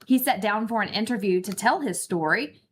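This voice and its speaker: A woman hosting a morning news show, reading her script with pointed emphasis at a mid pitch for a woman. A faint hiss of noise sits under her voice. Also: expressive, fairly quick.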